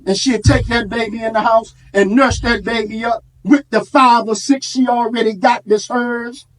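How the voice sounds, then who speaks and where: A man's voice: very high voice, steady tone, moderate pace, fairly bright tone. A man giving an impassioned speech to a live audience, preacherly, with call-and-response and street vernacular. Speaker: community organizer speaking at an event.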